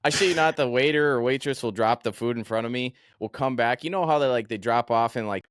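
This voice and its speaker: Man, podcast host, casual storytelling, profane and animated, mid-pitched voice, dry close sound. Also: fast, smooth, no room sound.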